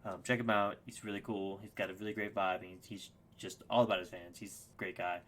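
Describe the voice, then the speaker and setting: A young man telling a story as a podcast guest, excitable and casual, swearing freely with lots of fillers and restarts. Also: low-pitched, brisk.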